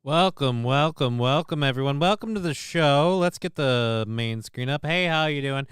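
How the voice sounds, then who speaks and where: A man hosting his own live show in casual chat, consciously pushing his voice lower than it naturally sits, rambling and poking fun at himself with lots of restarts, into a desk mic on an arm at home. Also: moderate pace, a bit bright, smooth. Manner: rambling, self-mocking, with many restarts. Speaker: livestream show host.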